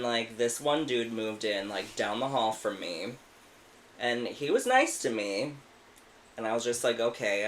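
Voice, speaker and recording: A man in his thirties tells a story on a podcast in a loose, rambling way. He fills nearly every sentence with "like" and swears freely. The voice sits at a middle pitch, and there is a faint hiss behind it. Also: fairly bright tone, rough recording. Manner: profane, rambling, lots of "like". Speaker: podcast co-host. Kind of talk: casual storytelling.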